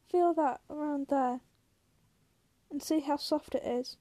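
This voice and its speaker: A woman's voice: sits high, slow pace, dark tone, no echo. A woman reading aloud, voicing a lonely young ranch wife who chats in a teasing, vain way. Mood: chatty.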